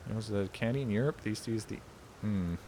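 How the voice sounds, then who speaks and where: A man's voice: fairly low pitch, quick pace, warm tone, a little hiss or hum. A young Australian man chatting casually to viewers during a game stream, rambling and joking. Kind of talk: casual chat while gaming.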